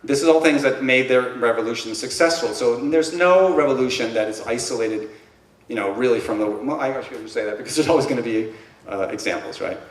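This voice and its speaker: A man's voice: mid-range voice, fairly quick. A man giving a conference presentation, speaking emphatically and with passion, rambling at times. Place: conference room. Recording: roomy echo, distant mic.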